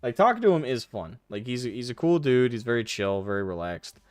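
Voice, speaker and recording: A man's voice: medium pitch, sing-song, a little fast, a little mellow, no room sound. A young man chatting casually on a live stream, reading and answering chat with frequent laughs and casual swearing. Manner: laughs often, self-deprecating, swears casually.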